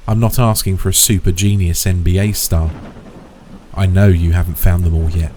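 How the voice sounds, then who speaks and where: A man's voice: sits low, steady tone, moderate pace, mellow, slight background noise, close to an everyday voice. A man voicing a wealthy, domineering middle-aged father who talks down to others with blunt contempt. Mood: scornful. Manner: blunt, bullying, dismissive.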